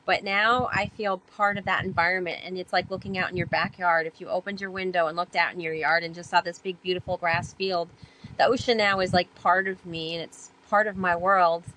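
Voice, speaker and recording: A woman guest on a podcast telling her stories in a chatty way, with many fillers, and growing animated when she acts out past talk. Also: on the low side, brisk, slight background noise, rough recording. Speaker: podcast guest, sailor and author. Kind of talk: casual storytelling interview.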